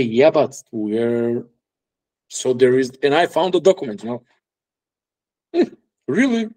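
A man's voice: medium pitch, a little mellow, low-quality recording. A man from North Macedonia with a Macedonian accent, a guest musician telling stories in broken English and acting out the people he quotes. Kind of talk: casual storytelling interview.

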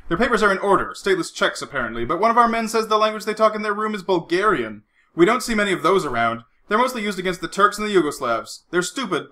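A chatty, winking middle-aged French secret agent, put on by a man reading a novel aloud. The voice sits high and bright, swinging up and down with lively, teasing play. He talks quickly, as if sharing a good joke. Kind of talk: audiobook reading.

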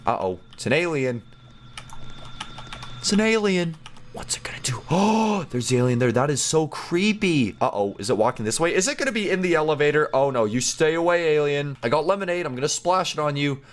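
A young man giving casual, goofy commentary while playing a game, chatty and quick to laugh and react. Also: a little high, lively intonation. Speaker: gaming YouTuber.

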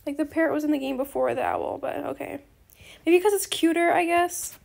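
A woman's voice: high-pitched, a little fast, creaky, a little mellow. A woman chatting casually while playing a game, rambling and peppering her talk with slang like bestie and slay, often apologizing and gushing at other players. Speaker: gaming video creator.

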